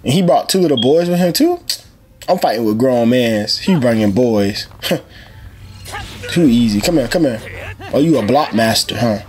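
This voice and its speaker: A young man giving excited, trash-talking commentary as he plays a fighting game. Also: medium pitch, normal speed, long pauses. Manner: excitable trash talk, shouting at the screen. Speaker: gaming channel host. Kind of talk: live gameplay commentary. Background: game music.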